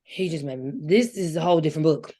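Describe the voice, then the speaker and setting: Guest, female, lower-pitched; emphatic, quick to push back in a book chat. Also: warm tone. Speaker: guest co-reader.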